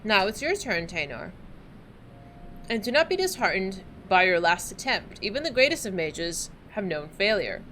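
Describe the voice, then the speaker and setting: A woman's voice: mid-range voice, sing-song, moderate pace, a bit bright, slight background noise. A woman voicing an encouraging young male mage, reading his game dialogue earnestly.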